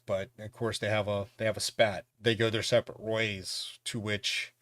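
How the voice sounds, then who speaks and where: A man hosting a podcast, recapping a film's plot in a casual, animated way and laughing now and then. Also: on the low side, no room sound. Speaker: podcast host reviewing a film.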